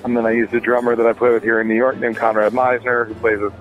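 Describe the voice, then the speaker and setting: A man's voice: mid-range voice, little pitch movement, fast. A man talking casually about his music as an interview guest, rambling with many fillers and restarts. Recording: tinny phone line.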